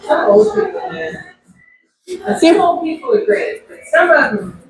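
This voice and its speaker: Lively high-voiced woman, echoey room. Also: a little slow, distant mic, noisy background. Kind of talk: casual chat.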